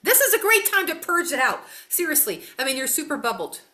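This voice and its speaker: A woman, a psychic doing casual readings on a live call, animated, folksy and quick to laugh. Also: high voice. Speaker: psychic guest.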